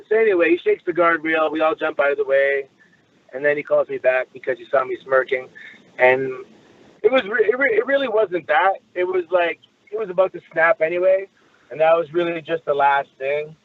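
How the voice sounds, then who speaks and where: Guest from Canada, male, slightly high voice, loose profane storyteller, heard over a phone-like line. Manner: swears freely, rambling with restarts. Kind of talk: casual storytelling.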